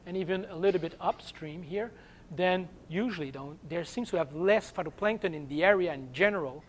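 A man with a French accent, French as his first language, giving an academic seminar lecture and pausing often to search for English words. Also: high-pitched. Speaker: guest seminar speaker.

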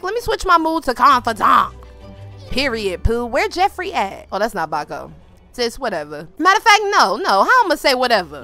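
Lively, high-voiced woman trash-talking. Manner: loud, playful trash talk full of slang. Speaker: gaming video host. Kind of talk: let's play commentary.

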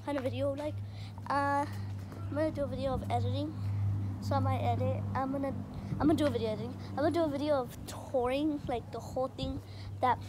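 Young woman vlogger, high-pitched, rambling, excitable, phone camera outdoors, chickens clucking behind. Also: slight background noise. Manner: rambling, excitable, gets loud when the chickens crowd her. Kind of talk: casual vlog chat. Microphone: phone camera held in hand. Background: clucking chickens and birds.

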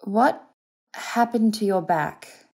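A woman's voice: medium pitch, takes it slowly, a little mellow, slightly rough, voice pushed up. A woman voicing an exhausted young woman healer who presses and demands in a raised voice in an audiobook reading. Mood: urgent.

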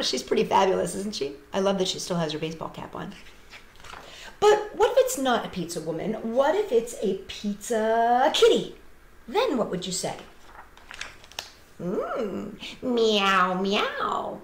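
A woman who entertains children, reading a picture book aloud in an animated, sing-song way with playful animal noises. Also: on the high side, vocal fry, echoey room, slight background noise.

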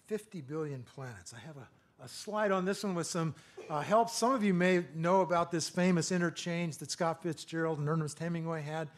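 A middle-aged man giving a lecture, reading his own poems in a measured rhythm and breaking off for hesitant asides full of fillers. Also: on the high side, a little hiss or hum. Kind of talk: poetry reading with spoken asides.

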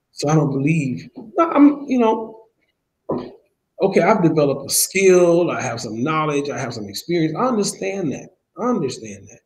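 Over poor audio, a preacher with a medium-pitched, slightly mellow voice teaches a church Bible study. He tells personal stories with emotion and laughs now and then as he preaches.

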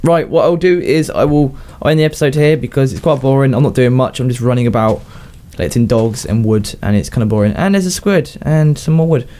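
Speaking briskly with few pauses, this young YouTuber has a mid-range, dark voice and sounds somewhat ill, coughing as he plays. His commentary is casual, broken up by frequent laughter and remarks to his pets.

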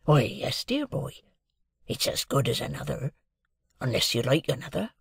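A man doing a hushed, gruff old convict. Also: medium pitch, very animated, normal speed, no echo, studio quality, full character voice. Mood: guarded. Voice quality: hushed, coarse, old-fashioned rustic speech. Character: rough old male convict, low and guarded.

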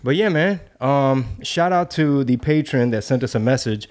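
A man's voice: medium pitch, expressive, moderate pace, darkish tone. Playful man hosting a podcast. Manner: playful, hype-man delivery with Spanish asides. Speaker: podcast host. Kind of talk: casual podcast chat.

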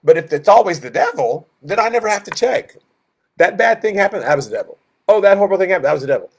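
With a high, husky voice and a quick pace, a man teaches a Bible study in an animated, conversational way. He frequently starts sentences over and poses rhetorical questions.

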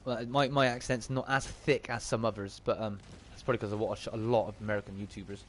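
A man's voice: lowish voice, fairly even intonation, fast. A man with a Bristolian accent giving chatty live-stream commentary while he plays and answers his chat. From Bristol, England. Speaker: game streamer.

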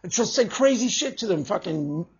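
Brief: a male vlogger with a husky, high voice, cursing and mocking; muffled lo-fi audio. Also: expressive, normal speed. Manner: swears heavily, laughs often, mocking. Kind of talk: profane opinion rant. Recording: dull lo-fi recording.

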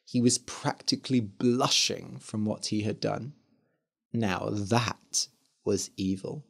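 A man narrating a scripted story for learners, slowly and expressively. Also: fairly low pitch. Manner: slow, clear and expressive.

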